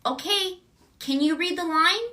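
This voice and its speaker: A woman's voice: extremely high pitch, unhurried, bright, forceful tone, recorded from a distance, voice pushed up, heavily acted. A woman imitating a patient director who coaxes a small child in a singsong way. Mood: coaxing. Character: patient coaxing adult director talking to a child.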